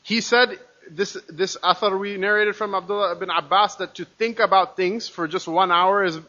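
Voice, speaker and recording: A man from the United States teaching a religious lecture class, talking quickly with many restarts and rhetorical "right?" checks. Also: high-pitched, steady tone, pushed and bright, dull audio.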